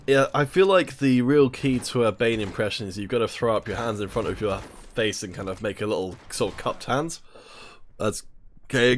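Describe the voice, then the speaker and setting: Chatty man casting an esports stream. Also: medium pitch. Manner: chatty, jokey, talks while eating. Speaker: esports caster. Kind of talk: solo esports play-by-play commentary.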